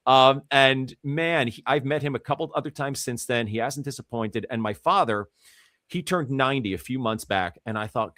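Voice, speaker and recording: A man talking as a podcast guest, telling a story in an animated way and acting out the quotes. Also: medium pitch, moderate pace, no echo, studio quality. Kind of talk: casual storytelling.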